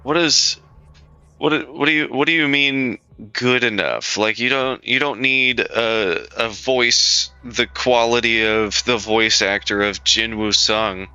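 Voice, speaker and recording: A man's voice: mid-range voice, takes it slowly, pushed and bright, clear, resonant tone, dry recording. A man streaming live, talking casually to his chat in a blunt, profane way, repeating himself as he reassures viewers. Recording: dull lo-fi stream audio, faint music.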